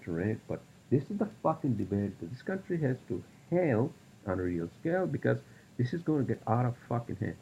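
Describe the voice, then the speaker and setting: A man's voice: on the low side, vocal fry, warm tone, dull audio, slight background noise. A man hosting a solo podcast, rambling through topics with lots of fillers and profane rants. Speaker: podcast host.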